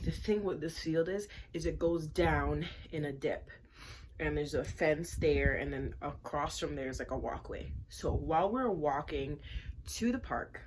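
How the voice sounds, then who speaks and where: A woman vlogger telling a personal story in an animated storytime style, emphatic and repeating lines for effect. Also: low-pitched, a little hiss or hum.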